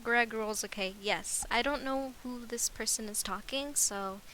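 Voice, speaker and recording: A woman's voice: on the high side, measured pace, sharp tone, a little hiss or hum, low-quality recording. A woman streamer chatting casually and giggling while she plays a video game. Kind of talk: casual game livestream chat.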